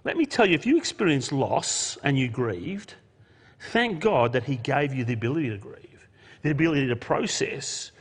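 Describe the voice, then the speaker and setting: A man's voice: mid-range voice, expressive, moderate pace, slightly rough. A man preaching a sermon in an earnest way, asking rhetorical questions and pressing his points with emphasis. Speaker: pastor. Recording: long hall reverb.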